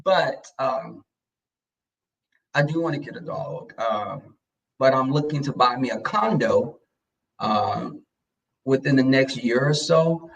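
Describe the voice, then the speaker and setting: A man's voice: medium pitch, measured pace, far from the mic, low-quality recording. A man hosting a casual livestream, chatting and telling stories straight to his viewers. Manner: chatty storyteller addressing viewers. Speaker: livestream host.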